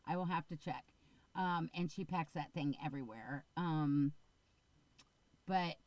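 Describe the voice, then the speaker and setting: A middle-aged woman chats slowly to camera, pausing often and filling gaps with ums as she weighs her options aloud. Her voice sits a little low for a woman, and the recording is close and dry with no room sound. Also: dry recording, poor audio. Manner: rambling, filler-heavy, chatty and unsure. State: getting the hiccups. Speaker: crochet vlogger. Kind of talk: casual chat to camera.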